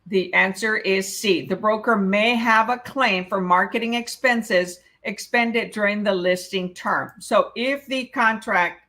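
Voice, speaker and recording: A woman's voice: medium pitch, sharp tone. A woman teaching a live real estate exam prep class, reading questions aloud and explaining the answers, often checking in with "okay?".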